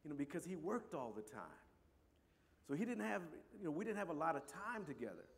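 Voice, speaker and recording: With big pitch swings and a brisk pace, his fairly high voice carries a Chicano English accent from Compton, California. He rambles warmly through a personal story, adding many asides such as "you know" and "right."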